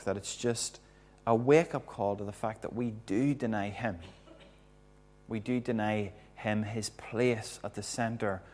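A man preaching a sermon in an earnest, reflective way, often dropping to a soft hush to make a point. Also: on the low side.

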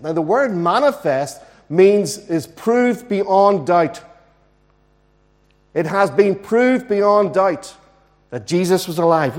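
A man delivers a sermon from the pulpit, his voice sitting a little on the high side. He preaches earnestly and with emphasis, drawing out key words slowly. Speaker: pastor. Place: church.

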